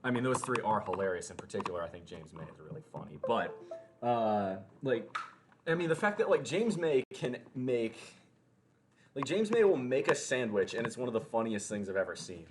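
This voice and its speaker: A man's voice: medium pitch, big pitch swings, moderate pace, background noise. A man with a Southern American accent chatting casually on a livestream, joking, teasing and answering his chat. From Deep South of the US.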